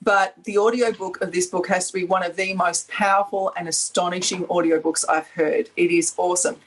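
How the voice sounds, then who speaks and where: A woman's voice: lowish voice, steady tone, brisk, poor audio. A woman with an Australian accent, chatting enthusiastically on a panel, rambling and laughing often. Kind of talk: casual chat.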